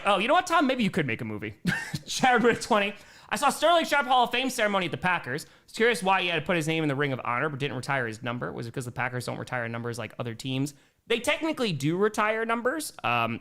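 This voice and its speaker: A man in his thirties chats through a relaxed live-stream Q&A, reading viewer questions and riffing on them. His voice is animated, swinging up and down in pitch. Now and then he breaks into a high, playful voice to talk to his cats. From Wisconsin, USA. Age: 30s. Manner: chatty, reads chat aloud and riffs, talks to his cats in a high baby voice. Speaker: streamer answering chat questions.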